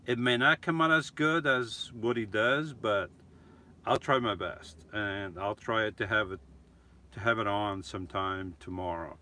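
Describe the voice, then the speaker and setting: Answering his live chat, a middle-aged vlogger rambles chattily, often restarting and self-correcting. He speaks a little slowly in a lowish, bright voice with a forceful tone, over slight background noise.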